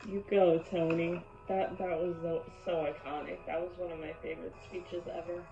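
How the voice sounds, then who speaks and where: Gushing woman with a gravelly voice. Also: on the low side, level tone, moderate pace, over music. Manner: gushing, lots of "like" fillers. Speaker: YouTube host. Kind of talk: episode reaction vlog. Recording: echoey room, far from a dull mic.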